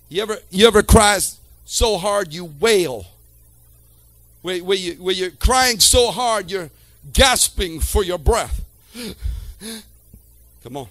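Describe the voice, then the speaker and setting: A man preaching a sermon in a strikingly high voice. He drops to quiet, drawn-out phrases and then rises to shouts, calling out to the congregation. The sound is dry and close. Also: no echo. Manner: calls to the congregation.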